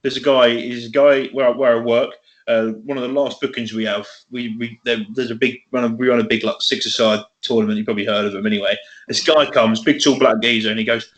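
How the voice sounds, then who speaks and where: A man's voice: mid-range voice, fast talker, fairly bright tone. A man co-hosting a casual podcast chat, swearing freely and laughing often as he tells stories. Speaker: podcast co-host.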